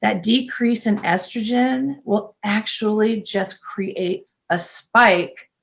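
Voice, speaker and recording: A middle-aged woman speaks as a guest in a relaxed interview, chatty and full of fillers. Her voice carries a gravelly, creaky texture at a mid pitch. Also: takes it slowly. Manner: chatty, laughs often, many fillers. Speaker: nurse and podcast guest. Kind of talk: casual interview talk.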